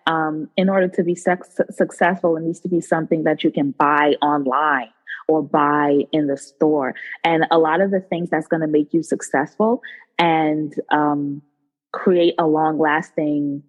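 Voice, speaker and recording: A woman nurse turned cook, a podcast guest telling her story in an animated, casual way. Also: low-pitched, a little slow, rough recording. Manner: animated storyteller who acts out quotes. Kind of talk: casual interview talk.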